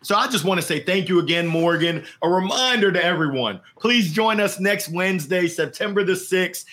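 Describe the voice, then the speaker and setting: A man's voice: high voice, bright, forceful tone. A man hosting a live interview show, thanking his guest with enthusiastic, effusive praise and catchphrases. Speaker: podcast host.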